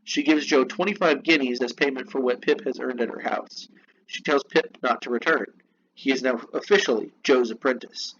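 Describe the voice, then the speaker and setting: A man's voice: mid-range voice, normal speed, fairly bright tone. A man reading lesson notes aloud and explaining them with casual, chatty asides. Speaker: teacher. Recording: dull lo-fi recording with faint noise.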